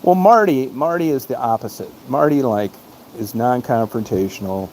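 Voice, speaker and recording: A man with an ordinary mid-pitched voice rambles through a personal anecdote, casual and profane. His talk is blunt and unpolished. A faint hiss of noise sits under the recording. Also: expressive, normal speed, a little mellow. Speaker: podcast host. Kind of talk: casual storytelling monologue.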